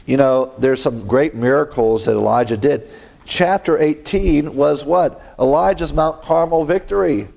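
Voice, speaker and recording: A man's voice: fairly high pitch, a little slow, gravelly, darkish tone. A man preaching a sermon, reading scripture and adding conversational asides with frequent chuckles.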